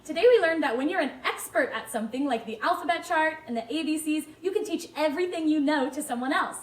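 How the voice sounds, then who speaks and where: A woman teaching a phonics lesson to young children, sounding out letters slowly and asking them to read along. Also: sits high, reverberant, poor audio. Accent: Hawaiian English. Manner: slow, stretched-out sounds, read-along prompts. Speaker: kindergarten teacher.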